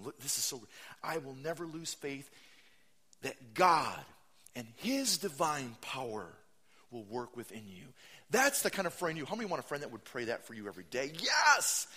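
A man in his thirties preaches with an animated, swinging delivery. His voice is bright and forceful, leaping into high mocking voices before settling into quiet, earnest stretches. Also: moderate pace, breathy edge. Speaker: pastor. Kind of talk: sermon.

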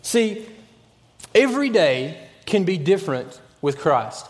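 A man preaching a sermon as pastor, earnest, sometimes dropping to a hushed voice on key points. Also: high-pitched, very animated, slow, long reverb tail.

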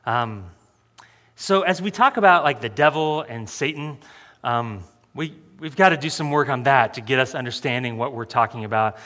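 A man's voice: medium pitch, expressive, normal speed, bright, forceful tone, long reverb tail. A male pastor preaching a sermon in a joking, self-deprecating way, often laughing at his own remarks.

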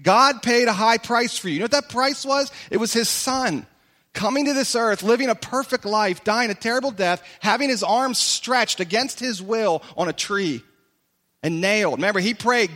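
A man with a high voice preaches an impassioned sermon. His words ring out through a church sanctuary with a long reverb, and now and then he takes on the voice of a doubting listener. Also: moderate pace, sharp tone. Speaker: pastor.

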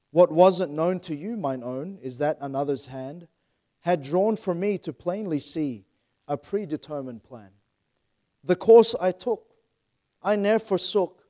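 A man preaching a sermon and reading a poem aloud, earnest, quick phrases that fall away softly, with frequent restarts. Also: fairly high pitch. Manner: earnest, fast then trailing softly.

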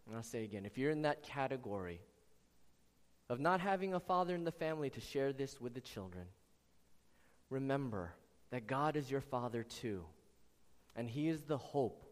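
A man's voice: mid-range voice, expressive, moderate pace, pauses often. A male pastor delivering an earnest sermon, speaking to members of his congregation by name. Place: church sanctuary. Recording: long reverb of a large church hall.

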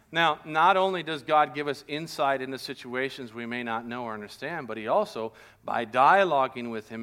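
A man preaching a sermon as pastor, telling a personal story and shifting into quiet, intimate tones. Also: mid-range voice.

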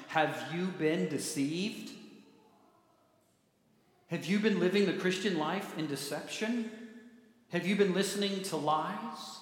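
A male pastor preaching a sermon in a church, with emphatic phrasing that drops low at the ends of lines. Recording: echoey hall reverb.

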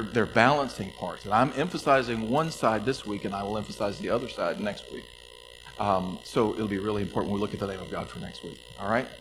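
A man's voice: mid-range voice, slight background noise, poor audio. Emphatic man preaching a sermon. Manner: emphatic, slows down to stress scripture, drops to soft pleas. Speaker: pastor.

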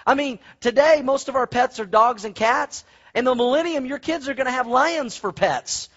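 High-voiced, husky preacher. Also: male voice, normal speed, dull audio. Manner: animated, folksy storytelling with asides. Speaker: pastor. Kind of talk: sermon.

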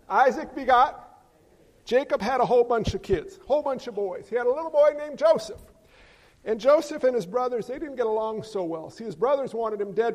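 A man preaching a sermon as pastor, joking and quizzing his congregation. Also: extremely high pitch. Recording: long reverb of a large hall.

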